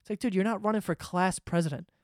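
A man's voice: sits high, fast talker, no room sound, clean studio sound. A man ranting sarcastically and swearing freely in a casual comedic monologue, host of his own podcast.

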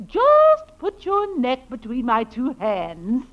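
An actress playing a vain, plump, sharp-tongued middle-aged wife in a 1940s radio comedy, prim and coquettish with barbed comebacks. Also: female voice, high voice, wildly swooping pitch, slow pace, heavily acted. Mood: prim teasing. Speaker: comic foil. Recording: muffled 1940s radio broadcast.

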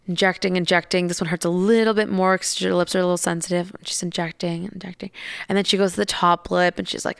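A woman's voice: on the low side, little pitch movement, quick pace, gravelly, a bit bright, smooth, no room sound, studio quality. A young woman telling a candid story in a casual, chatty way, swearing and laughing as she goes.

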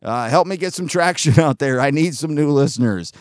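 A man's voice: fairly high pitch, lively intonation, fairly quick, no room sound, clean studio sound. A man hosting his own podcast in casual chat, rambling with frequent fillers and laughing as he goes. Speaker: podcast host.

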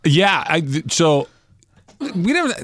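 A man's voice: a little high, slow pace. Chatty male sports radio co-host. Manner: animated, repeats himself when making a point. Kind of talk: casual sports talk banter.

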